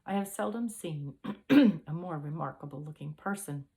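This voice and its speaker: Woman narrator, low pitch, steady storybook read. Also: moderate pace. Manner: reads aloud with occasional throat-clearing. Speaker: audiobook reader.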